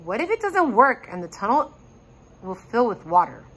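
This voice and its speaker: A woman voicing a cautious young girl dragon master who asks anxious questions quickly. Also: a little high, sing-song, husky, poor audio. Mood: worried.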